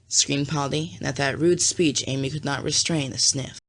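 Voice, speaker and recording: An audiobook reader narrating a classic novel in a measured storytelling way. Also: mid-range voice, fairly even intonation, a bit bright. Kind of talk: scripted narration.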